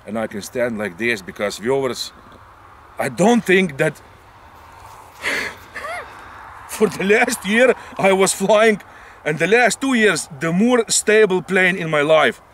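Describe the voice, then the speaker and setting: A man's voice: high voice, big pitch swings, slow pace, long pauses, fairly bright tone, slight background noise. A man hosting a radio-control flying video outdoors, exclaiming, repeating himself and tagging lines with "eh?" as he flies a model jet. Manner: exclaims, repeats words, tags "eh?". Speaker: RC pilot and channel host. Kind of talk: excited outdoor flying commentary. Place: open field outdoors.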